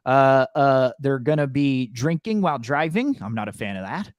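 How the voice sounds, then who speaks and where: A man co-hosting a podcast in casual chat, often halting and repeating words as he thinks. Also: mid-range voice, lively intonation, no room sound, lo-fi sound. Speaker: podcast co-host.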